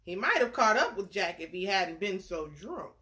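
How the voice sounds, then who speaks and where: Lively woman reading a bedtime story. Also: medium pitch, normal speed. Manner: animated, chatty asides to young listeners; playful character voices for the story's figures.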